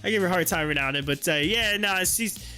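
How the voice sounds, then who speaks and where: A man's voice: high-pitched, racing, sharp tone, clean tone, faint music behind. A man hosting a stock market live stream, chatting casually, rambling, teasing his viewers and laughing often. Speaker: stock market livestream host.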